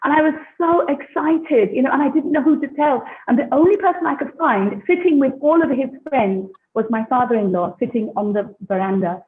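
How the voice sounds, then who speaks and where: A woman's voice: high voice, lively intonation, fairly quick. A British woman from London in her fifties, chatting as an interview guest and laughing often. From London, England. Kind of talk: casual interview chat. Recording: echoey, tinny phone-like line.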